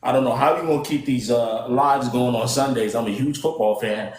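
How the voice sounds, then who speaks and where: A man's voice: medium pitch, brisk, roomy sound, a little hiss or hum. A young man hosting a casual live stream, playfully exasperated as he banters with his panel. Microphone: computer mic at a desk.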